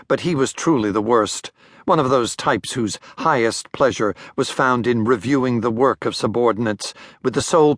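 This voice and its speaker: Measured older male narrator, dry studio. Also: mid-range voice, no echo. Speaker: audiobook narrator. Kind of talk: scripted narration.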